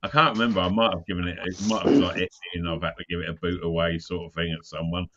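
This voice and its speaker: A man with a lowish voice tells loose, rambling school stories, breaking into laughs and swearing along the way. The recording sounds somewhat muffled. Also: little pitch movement, fast talker, noisy background. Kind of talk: casual storytelling chat.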